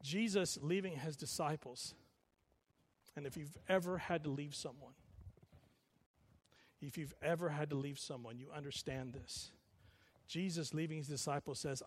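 Pastor, male, slightly high voice, lively repetitive preaching, echoing hall sound. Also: normal speed, pauses often, husky. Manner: animated storytelling preacher, repetitive emphasis. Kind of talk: sermon.

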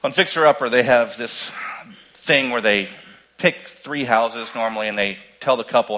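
Male pastor, mid-range pitch, bright tone; animated sermon storytelling with loud and hushed swings. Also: moderate pace, poor audio.

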